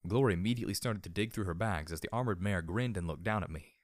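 A man narrating a fan-fiction audiobook in a measured, grim and dryly wry manner. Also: deep voice, no echo, clean studio sound. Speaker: audiobook reader.

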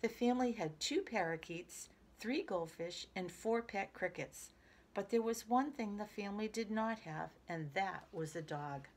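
A woman reading a children's picture book aloud in a lively, expressive way. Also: mid-range voice, measured pace, slight background noise. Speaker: storyteller.

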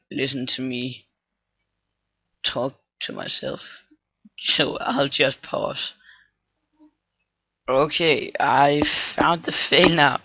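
A man thinking aloud through a casual coding tutorial, halting with many fillers and restarts, on a low-quality microphone. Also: dry recording, muffled recording. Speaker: scripting tutorial maker. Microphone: cheap computer microphone.

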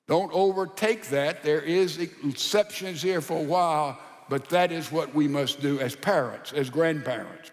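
A male pastor preaching a sermon in a folksy, animated storytelling style with rhetorical asides. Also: fairly high pitch, big-room sound.

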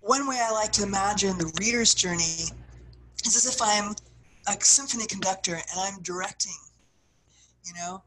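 A woman teaching a writing workshop, guiding her listeners through exercises and acting out the feelings she describes, with phrases that often trail off softly. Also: mid-range voice, moderate pace, long pauses, crowd noise, low-quality recording. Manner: expressive, acts out what she describes, soft trailing phrases. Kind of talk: guided workshop instruction.

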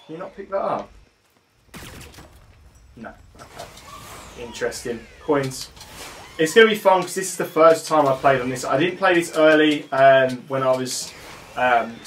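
A man commentating his own gameplay casually, with excited outbursts and halting moments when he reads on-screen text aloud. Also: medium pitch, slight background noise.

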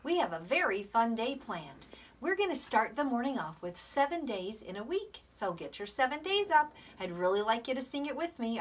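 A woman teaching a preschool lesson to camera, in a slow, sing-song, animated teacher voice. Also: fairly high pitch.

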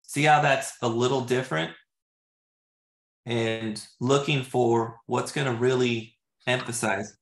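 A man working as a real estate agent, teaching in a loose, casual way, full of fillers like "you know" and "like", and trying sales questions out loud. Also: medium pitch, fairly even intonation, unhurried. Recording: roomy echo.

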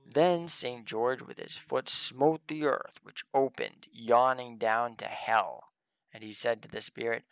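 A man reverently narrating the life of a saint in measured, archaic English. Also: mid-range voice, gravelly, smooth. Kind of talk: solemn scripted reading of a hagiography.

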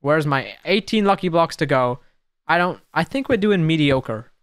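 A young man giving casual, excitable gameplay commentary, talking to the creatures on screen and swinging between muttering and sudden shouts. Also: a little high, normal speed, clear, resonant tone, no echo, clean studio sound. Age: young adult. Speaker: gaming YouTuber.

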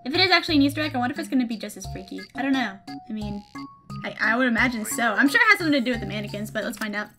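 A young woman streaming a game, reacting with jumpy, excitable commentary and nervous laughter. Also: fairly high pitch, very fast, over music. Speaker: gaming streamer.

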